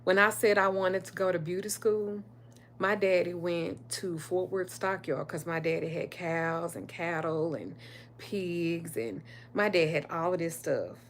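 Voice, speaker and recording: A middle-aged woman with a drawl, speaking a touch lower than most women. She tells personal stories on a casual livestream, candid and emphatic, and swears freely. A faint hum sits under her voice. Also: measured pace. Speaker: spiritual reader and livestream host.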